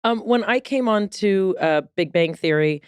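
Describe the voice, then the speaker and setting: A woman's voice: mid-range voice, expressive, measured pace, clear, resonant tone, no echo. A woman hosting a podcast, asking her guest curious follow-up questions. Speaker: podcast host. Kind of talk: interviewing a guest.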